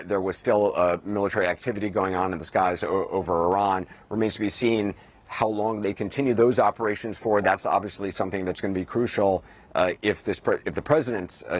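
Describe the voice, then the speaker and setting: A male news correspondent reporting live, speaking in a halting way with frequent restarts. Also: on the low side. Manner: halting, many restarts and fillers.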